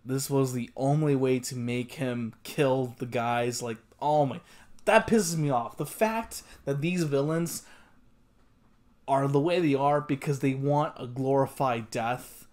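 A man's voice: mid-range voice, unhurried, a little mellow. A young man hosting an anime reaction, exclaiming and swearing, often repeating himself in disbelief. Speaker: anime reaction channel host. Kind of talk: emotional anime reaction commentary.

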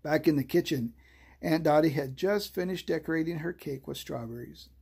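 Breathy calm bedtime storyteller. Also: medium pitch, normal speed.

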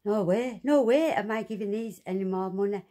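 A woman ranting angrily and swearing, talking to her viewers from inside her flat. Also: medium pitch, normal speed. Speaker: vlogger. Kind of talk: angry monologue to camera.

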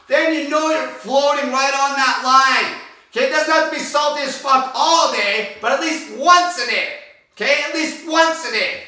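A man ranting aggressively about diet, swearing nonstop and often shouting. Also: very high-pitched, distant mic. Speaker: diet vlogger. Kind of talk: profane fasting rant. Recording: very echoey room, voice off-mic.

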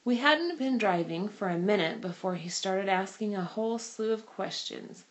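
A woman reads a children's novel aloud, telling the story expressively. Her voice sits at a middle pitch, neither high nor low. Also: moderate pace. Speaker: reader.

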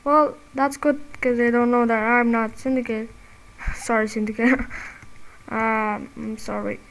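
A woman giving casual, excitable commentary while playing a game, quick to get frustrated and quick to apologize. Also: on the high side, slight background noise, poor audio. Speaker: gamer and channel host.

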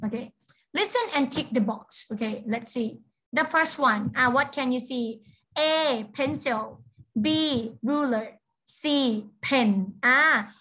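A woman teaching English to young children online, slow, repetitive and playful. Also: fairly high pitch, fairly bright tone, rough recording.

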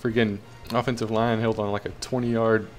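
A man's voice: lowish voice, little pitch movement, a little fast, soft background music. A young man casually commentating his own football video game, cheering and groaning at the plays. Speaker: gaming commentator.

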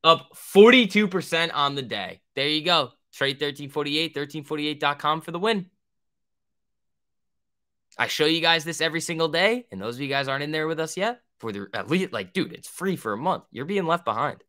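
A man's voice: fairly high pitch, expressive, moderate pace, sharp tone. A young man hosting a trading livestream, answering viewer questions in a rambling, profane, joking way. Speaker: stock trading livestream host.

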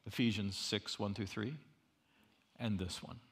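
A middle-aged man preaches with a gravelly, bright-edged voice. He is animated and humorous, punching some lines loudly and dropping others to near-hushed asides. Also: lowish voice, measured pace. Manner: animated, swings from loud emphasis to quiet asides; humorous storytelling. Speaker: university chapel speaker. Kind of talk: preached sermon.

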